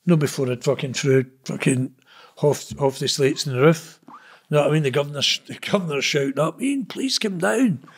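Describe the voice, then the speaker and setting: A man's voice: fairly high pitch, little pitch movement, brisk, slightly rough. A middle-aged Glaswegian man telling stories in a blunt, sweary, rambling way, often adding "know what I mean". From Scotland. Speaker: interview guest. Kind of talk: casual storytelling.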